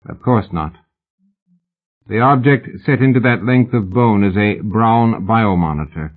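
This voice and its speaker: A cold, precise old collector of great wealth speaks in quiet, formal phrases, as a man reads him in a storybook. The voice sits low and comes through thin and tinny, like a phone line. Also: unhurried, close to an everyday voice.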